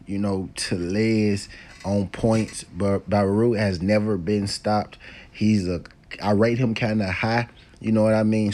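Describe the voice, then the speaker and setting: A man's voice: fairly low pitch, dark tone. A man giving casual boxing betting picks as host, in a laid-back, conversational way that is full of "you know" and "right?".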